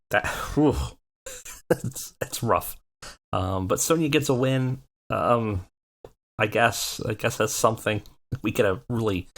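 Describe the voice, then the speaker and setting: A man hosting a casual let's play series, chatting through his wrestling booking game. His voice sits low, and he rambles with frequent ums and uhs. The talk is loose and unscripted. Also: gravelly, a bit bright.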